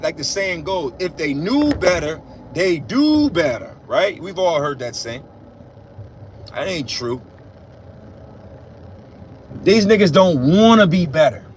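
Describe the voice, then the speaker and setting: A man giving a casual, preachy religious monologue, blunt and profane, with loud emphatic bursts. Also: sits high, slight background noise. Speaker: religious commentator.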